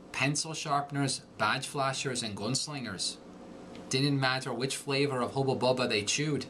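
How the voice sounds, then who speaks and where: A man's voice: medium pitch, fairly bright tone, slight background noise, natural voice. A man doing a wry Irish brogue. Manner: folksy, sardonic storytelling. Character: brash, wry Irish man sparring with officials. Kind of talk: read-aloud accent demonstration.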